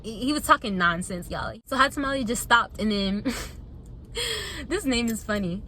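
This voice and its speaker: A young woman with a high-leaning, bright, forward voice tells a story to her camera. She talks in an animated, chatty way and keeps calling out to her viewers. A faint hiss sits under her voice. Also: a little slow. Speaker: vlogger. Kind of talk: casual storytime vlog.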